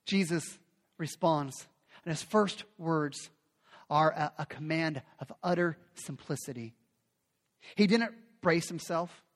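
A man preaching a sermon with emphatic delivery, often repeating phrases for effect. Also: high voice. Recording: long hall reverb.

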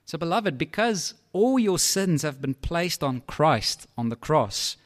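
A man preaching a sermon in a lively, conversational way, with asides to his listeners. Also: a little high, unhurried, few pauses.

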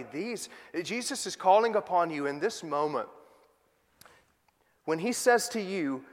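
A male pastor preaching a sermon, moving from loud emphatic questions to soft, quiet asides. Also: high-pitched, big pitch swings, a little slow, in a large hall.

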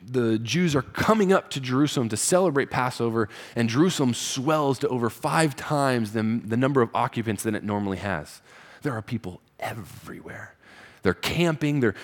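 A man preaching a conversational sermon as pastor, rising in pitch and volume for emphasis. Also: husky.

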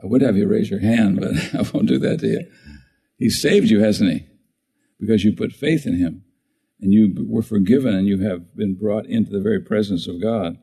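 A man's voice: lowish voice, moderate pace, vocal fry, mellow, slightly rough, low-quality recording. A man preaching a sermon in a conversational way, often asking the congregation questions. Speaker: pastor.

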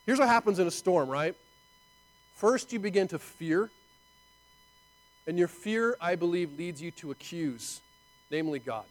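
A man preaching a sermon in an animated, conversational way, full of rhetorical asides to his listeners. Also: high voice, a little slow, pauses often, rough recording. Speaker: pastor.

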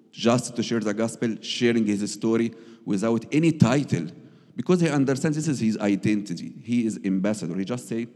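Low mellow man in broken English. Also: long reverb tail. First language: not English. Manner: broken English, acts out quoted voices loudly. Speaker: guest missionary. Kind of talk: telling a personal story.

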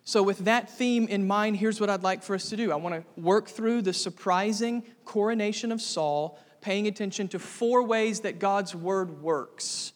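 Male pastor, higher voice, earnest sermon delivery that swells into fervor, hall reverb. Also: normal speed, few pauses. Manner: earnest preaching, rising to fervent emphasis.

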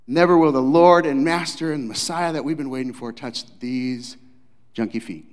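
Man preaching a lively sermon, echoey hall. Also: mid-range voice, moderate pace. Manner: dramatic, acts out Bible scenes, swings loud to hushed. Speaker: pastor.

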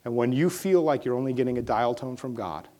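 A man's voice: mid-range voice, expressive, fairly quick. Man preaching with rising fervor. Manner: swings from hushed prayerful lines to rising, emphatic preaching. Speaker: pastor. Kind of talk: sermon.

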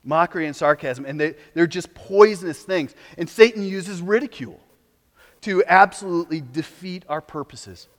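A man preaching a sermon as pastor, animated, sometimes mocking the voices of opponents. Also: on the high side, normal speed, big-room sound.

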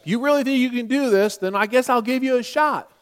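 A man's voice: very high voice, a little fast, clean tone. A man preaching who voices a skeptical, reluctant male king. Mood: doubtful. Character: doubtful older king, male.

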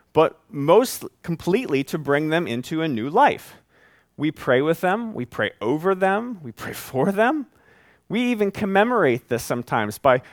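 A man preaching a sermon as pastor, conversational and animated, with folksy asides. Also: fairly high pitch, no echo, clean studio sound.

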